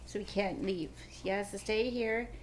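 A woman's voice: mid-range voice, moderate pace, slight background noise. A woman casually narrating a pet vlog in her home kitchen, coaxing her pets in a sing-song voice. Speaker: pet vlogger.

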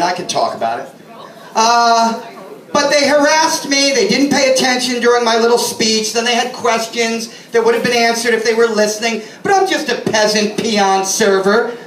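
A high-pitched, slightly bright-voiced comedian performs stand-up in a club, spinning sarcastic tales and impersonating customers. The sound is roomy and captured from afar.

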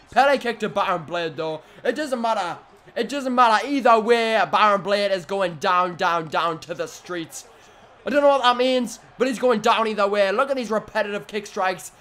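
High-pitched guy yelling over a wrestling game, swears a lot, repeats himself, goes from groaning to shouting. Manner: excitable, loud swings between groans and shouts; swears casually and repeats phrases. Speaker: gaming video host. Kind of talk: excited let's-play commentary.

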